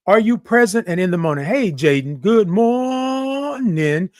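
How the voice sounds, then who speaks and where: A Texas man hosts a morning livestream, reading out viewer comments playfully in a high-sitting, expressive voice at a fairly quick pace. The sound is clean studio audio with no room sound.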